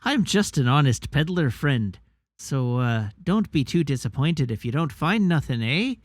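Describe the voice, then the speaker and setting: A man's voice: on the high side, very animated, measured pace, no echo, voice pushed down. A man voicing a chatty, sly old male peddler with a folksy rustic drawl, reading game dialogue in character.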